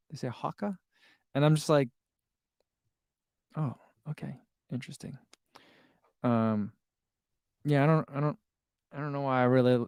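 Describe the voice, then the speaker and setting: A man's voice: fairly high pitch, darkish tone, dry recording. Chatty man reading live chat, dry sound. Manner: chatty, laughs easily, reads viewer comments aloud. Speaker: running channel host reading live chat. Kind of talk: casual livestream chat.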